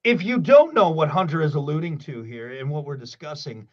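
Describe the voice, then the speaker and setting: A man with a high voice hosts a morning radio show from a studio mic, bantering in an animated, jokey way. He swings between loud bursts and soft asides. The sound is a bit muffled and dull, like slightly lo-fi radio audio. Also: fairly quick.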